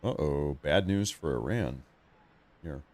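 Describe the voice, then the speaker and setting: A man's voice: rumbling low, lively intonation, slow, a little mellow. A man hosting a live news commentary stream, talking in a conversational and emphatic way that repeats points for effect.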